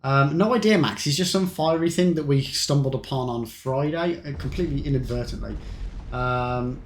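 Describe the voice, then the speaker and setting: A man's voice: mid-range voice, moderate pace, slight background noise. A young man with a Black Country accent, casually chatting with his live-stream audience while playing a video game. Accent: Black Country English. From England. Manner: chatty, rambling, answers chat between game deaths. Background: game music.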